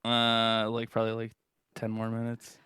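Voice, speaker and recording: A man co-hosting a comedy podcast, pitching crude jokes and tripping over his words. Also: completely flat delivery, normal speed, pushed and bright, clean tone, no room sound, clean studio sound. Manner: crude, joking, tumbling words. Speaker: podcast co-host. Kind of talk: casual comedic chat. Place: podcast studio.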